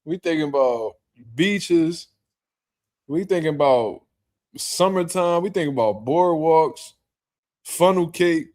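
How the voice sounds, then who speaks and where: A man's voice: on the high side, lively intonation, takes it slowly, a little mellow. A man hosting a boxing talk show, reacting in laid-back casual chat with lots of laughter and slang.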